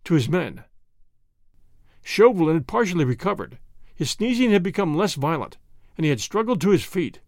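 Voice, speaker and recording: Expressive man narrating a story. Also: a little high, moderate pace, long pauses, dry recording, clean studio sound. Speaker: audiobook narrator. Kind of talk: scripted narration.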